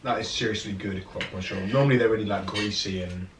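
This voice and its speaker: A man's voice: lowish voice, steady tone, quick pace. A young man chatting casually with a friend over a meal, laid-back and joking. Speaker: friend of the vlogger. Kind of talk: casual chat. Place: hotel room. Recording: echoey room, far from mic, noisy.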